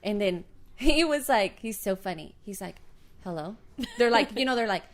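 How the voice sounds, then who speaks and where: Animated woman telling a story. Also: mid-range voice, normal speed. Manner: animated, swears casually, acts out quotes. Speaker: podcast co-host. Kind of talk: casual storytelling chat.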